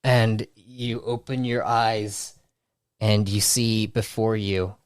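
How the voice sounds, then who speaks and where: A man narrating as game master, slowly and loosely, often restarting his sentences. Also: fairly low pitch, flat delivery, clear, resonant tone, no room sound, studio quality. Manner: slow, with restarts and hedging "like".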